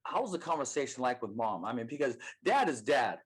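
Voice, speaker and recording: A man hosts a podcast and asks his questions in an encouraging way, often pausing and restarting as he shapes them. His voice sits at an ordinary middle pitch for a man. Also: very animated, slightly rough, low-quality recording. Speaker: podcast host. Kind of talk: interview questions.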